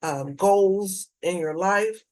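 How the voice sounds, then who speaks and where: Slow, earnest woman vlogger. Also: mid-range voice, darkish tone, poor audio. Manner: slow, deliberate, earnest, reads figures out carefully. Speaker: personal finance vlogger. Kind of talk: casual talk to camera about debt payoff.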